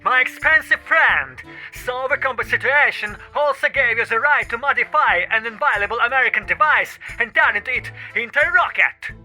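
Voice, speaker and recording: Brief: a man playing cranky old Soviet officials, high, sharp, raspy, scolding slowly. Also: full character voice, low-quality recording. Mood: indignant. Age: older. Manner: indignant, scolding. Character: grumpy elderly male Soviet officials on phone. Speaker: multi-voice audiobook character. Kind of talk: audiobook character voice. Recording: faint music behind.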